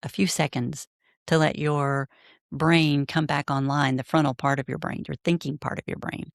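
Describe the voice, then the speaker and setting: A woman's voice: deep voice, level tone, moderate pace, creaky, no echo, clean studio sound. A woman hosting a podcast, asking thoughtful, searching questions of her guest. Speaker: podcast host. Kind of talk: podcast interview.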